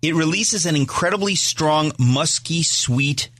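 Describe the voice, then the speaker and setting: A male radio host with a somewhat high voice, joking and incredulous as he reads items aloud. The studio sound is dry and close. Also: measured pace, breathy edge, no echo. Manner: incredulous, jokey, animated reading aloud. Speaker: radio talk show host. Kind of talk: playful radio banter.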